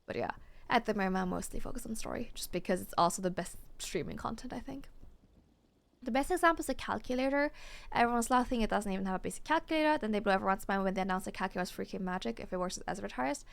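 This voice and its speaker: A woman's voice: medium pitch, fast, vocal fry. A woman streamer chatting casually while gaming and answering viewer chat, swearing and laughing easily, with hiccups. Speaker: VTuber streamer.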